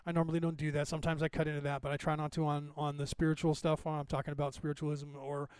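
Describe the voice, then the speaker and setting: A man's voice: on the high side, completely flat delivery, very fast, a little mellow, clean tone, dry recording. A man in his fifties hosting a podcast, rambling casually through anecdotes and laughing often. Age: 50s. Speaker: podcast host.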